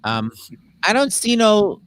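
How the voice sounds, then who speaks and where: A male host giving word-game clues on a video call, with deadpan teasing. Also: high-pitched, slow pace.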